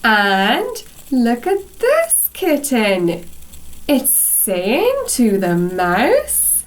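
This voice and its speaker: A young woman teaching English to small children, slowly reading a picture story and asking them questions. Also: a little high, very animated. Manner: slow, sing-song and encouraging, with questions to the children. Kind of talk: slow storybook reading lesson for kids.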